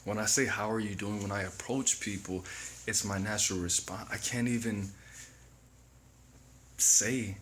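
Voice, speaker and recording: A man speaks to his viewers in a deliberate, drawn-out self-help monologue. His voice sits on the low side and he never rushes, with a faint hiss in the background. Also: steady tone, fairly bright tone. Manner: slow, reflective, preachy self-help delivery. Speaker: channel host. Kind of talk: motivational monologue to camera.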